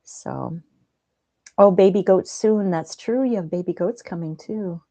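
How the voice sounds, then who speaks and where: A woman hosting a livestream, chatting gently and reading out viewers' comments. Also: mid-range voice, measured pace, no room sound. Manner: soft-spoken, gentle, chatty. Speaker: livestream host.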